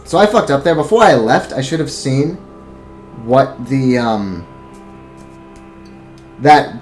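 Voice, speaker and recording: A man giving casual let's play commentary, thinking aloud and swearing freely as he plans his moves. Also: medium pitch. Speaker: gameplay commentator.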